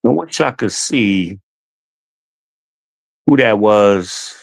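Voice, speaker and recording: A man's voice: on the low side, expressive, very slow, creaky, rough recording. A man giving blunt, profane relationship advice in a heated livestream rant, talking to his chat.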